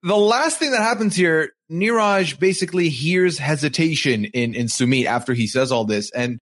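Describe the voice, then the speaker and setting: A man's voice: a little high, animated, moderate pace, fairly bright tone. A man co-hosting a podcast over a video call, recapping reality-show events and adding emphatic, outraged commentary. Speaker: podcast co-host.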